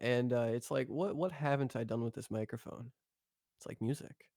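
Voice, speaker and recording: A man's voice: medium pitch, moderate pace, a little mellow, no room sound, clean studio sound. A young man co-hosting a podcast, chatting casually in a laid-back, rambling way at a microphone. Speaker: podcast co-host. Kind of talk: casual chat.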